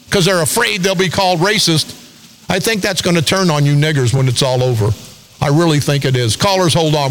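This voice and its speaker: Male talk radio host, high and sharp-toned, angry confrontational rant, studio mic. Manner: ranting, confrontational, repetitive. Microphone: studio broadcast mic.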